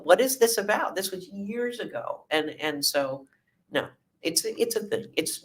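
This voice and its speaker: A woman hosting an interview, reacting with eager exclamations and sharing her own views. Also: deep voice. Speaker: interview host. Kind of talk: conversational interview.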